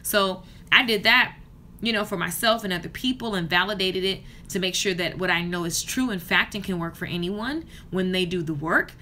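This is a passionate, casual rant to camera from a thirtysomething woman, a hair stylist and business coach, filmed in a hotel room. She speaks at a normal pace in a fairly low, sharp-toned voice, with a little background hiss or hum.

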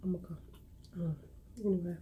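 A woman hosting a mukbang, chatting casually while eating, telling animated stories and humming as she savors each bite. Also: lowish voice, fast talker, dull audio, slight background noise. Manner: animated storyteller, lots of savoring hums. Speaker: mukbang host.

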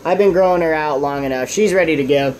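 A young Texan man rambles through a casual fish-room update. His voice sits a bit high for a man, and he keeps restarting his sentences. A faint hiss runs under the recording. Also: a little mellow, poor audio. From Southern US. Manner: rambling, halting, restarts often; coos at his fish in a raised voice. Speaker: fish-keeping vlogger.

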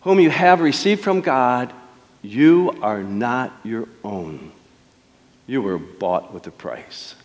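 A middle-aged man preaching a sermon as pastor, telling stories with dramatic pauses and emphatic swells. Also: mid-range voice, animated. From Detroit. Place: church sanctuary. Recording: long church hall reverb.

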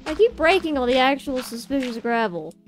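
A woman's voice: high-pitched, very animated, fairly quick. A woman hosting a gaming channel, giving casual commentary as she plays and chatting playfully to the game. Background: faint game music.

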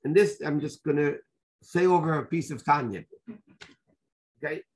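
A man giving a lively Torah class as a rabbi, telling the story with rhetorical questions and Hebrew and Yiddish terms mixed in. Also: on the high side, moderate pace.

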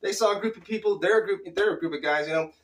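A middle-aged man from Phoenix, Arizona, telling a childhood story casually, animated and chuckling, with loose slang. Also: high-pitched, very fast.

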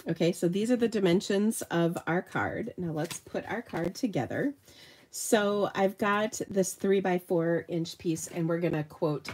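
A woman's voice: on the low side, darkish tone, slightly rough. Chatty woman crafter, slightly nasal. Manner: chatty, self-deprecating, thinking aloud while working. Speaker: card-making tutorial host. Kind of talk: live crafting demonstration.

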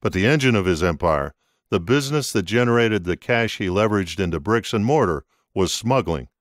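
A man narrating an audiobook in an expressive, scripted reading. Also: fairly low pitch, fairly quick, dry recording, studio quality.

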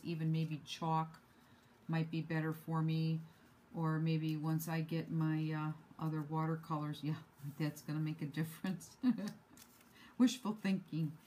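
A woman showing her handmade cards at home in an unhurried, self-deprecating way, with many ums and uhs. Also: low-pitched, monotone, darkish tone, slight background noise, low-quality recording. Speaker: card-making hobby vlogger. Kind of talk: casual show-and-tell craft demo.

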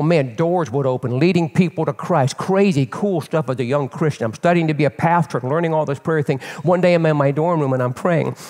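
Animated older pastor, echoing church hall. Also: male voice, on the high side. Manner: animated, candid, repeats words while building. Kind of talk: storytelling sermon. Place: church sanctuary. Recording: long reverb of a church hall.

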